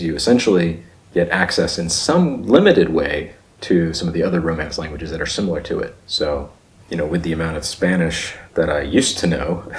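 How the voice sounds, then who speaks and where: A man with a very deep voice hosts a casual reaction video. He muses aloud, trails off with fillers and repeats words to test how they sound. The room around him rings with echo. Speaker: channel host reacting to a video.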